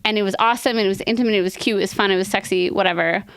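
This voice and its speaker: Smooth-voiced woman giving earnest advice. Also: medium pitch, steady tone, no echo, studio quality. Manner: warm, earnest, rambling with quick asides and laughs. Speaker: podcast co-host. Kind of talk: casual advice chat.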